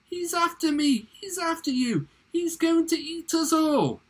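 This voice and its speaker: A man voicing a terrified male dentist in a read-aloud poem, shrieking in a shrill, panicky voice with a husky edge. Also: expressive, unhurried. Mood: panicked.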